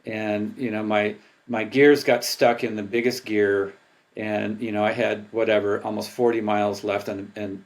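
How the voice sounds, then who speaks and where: An older man, a former pro triathlete, telling stories in a casual interview, animated and laughing, acting out his past thoughts. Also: fairly low pitch. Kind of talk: casual storytelling.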